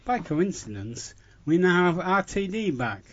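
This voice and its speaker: A man sending in recorded feedback to a podcast, reading out informative notes in a measured way. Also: high-pitched, big pitch swings, dull audio. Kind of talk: read-out commentary.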